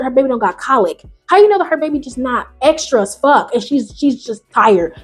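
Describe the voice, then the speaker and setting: Animated woman reacting, slangy and loud. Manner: animated, slangy, talks back to the story; swings between loud high bursts and low mutters. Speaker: YouTube host. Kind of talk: reading and reacting to online stories.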